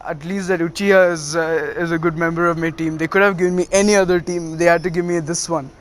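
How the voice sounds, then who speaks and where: A man's voice: fairly high pitch, steady tone, fast talker, slight background noise, natural voice. Give me an exasperated adult ninja teacher, hesitant and flustered, read by a man.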